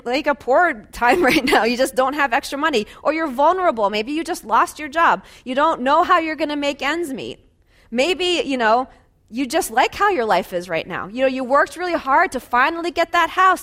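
A woman's voice: sits high, fairly bright tone. A woman preaching a sermon in a conversational way, asking listeners rhetorical questions and laughing lightly between phrases.

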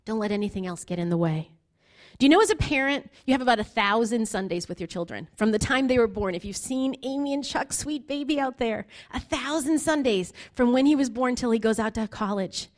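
A woman's voice: on the high side, lively intonation, a little fast. A woman in her forties preaching an earnest sermon, building to emphatic appeals. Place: church basement hall.

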